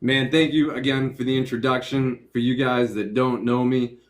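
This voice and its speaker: A man's voice: medium pitch, little pitch movement, moderate pace. A man with a Boston accent speaking as a project executive on a live audio stream, in a laid-back, joking way. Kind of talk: casual live-stream talk.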